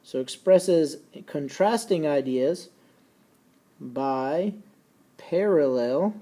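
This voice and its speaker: A man teaching a recorded lesson, folksy and casual, slowing down and repeating key points so students can take notes. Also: a little high, expressive, warm tone. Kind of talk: recorded classroom lecture.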